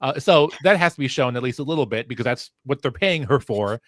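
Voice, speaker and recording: A man's voice: mid-range voice, lively intonation, a little fast, a bit bright, dry recording. A man hosts a casual livestream, rambling and restarting his sentences with plenty of fillers. His mid-range voice is close and dry on a headset mic. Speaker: fill-in host.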